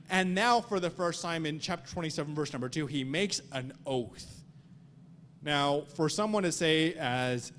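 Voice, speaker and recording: A man teaching a Sunday school Bible study in an earnest way, often repeating and restarting words and reading scripture aloud. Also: on the high side. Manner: reads scripture aloud in old-fashioned wording.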